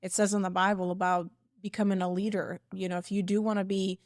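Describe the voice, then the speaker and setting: A woman takes part in a faith-based discussion as co-host, speaking thoughtfully and conversationally. Her voice sits at an ordinary pitch for a woman. The recording is dry and close. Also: flat delivery, fast, darkish tone, no echo.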